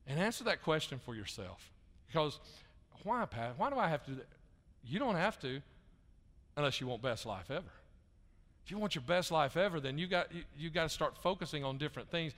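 A man preaching a folksy, animated sermon as pastor, repeating himself and building to loud peaks. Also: mid-range voice. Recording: echoey church hall.

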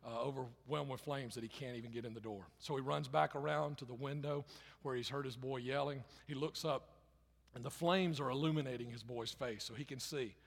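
A pastor preaching a sermon in a conversational way, rising loud for emphasis and dropping quiet and low, repeating phrases. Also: male voice, fairly even intonation, brisk, creaky. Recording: long hall reverb.

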